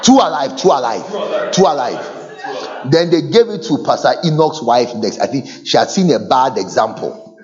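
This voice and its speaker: A man preaching a sermon in an animated way, dropping to low asides and then rising to high shouts. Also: normal speed, dull audio.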